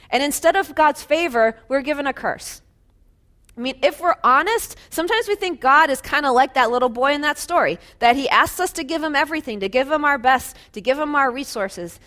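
A woman's voice: high-pitched, fairly bright tone. A woman preaching a sermon in a conversational way, asking listeners rhetorical questions and laughing lightly between phrases.

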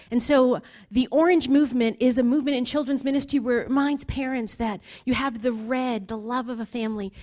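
A woman in her forties preaching an earnest sermon, building to emphatic appeals. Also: a little high. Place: church basement hall.

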